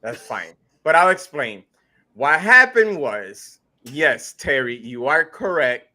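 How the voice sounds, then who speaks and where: A man co-hosting a casual gaming podcast, playful and animated as he tells his side. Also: mid-range voice, takes it slowly. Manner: playful mock threats, animated storytelling. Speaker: podcast co-host.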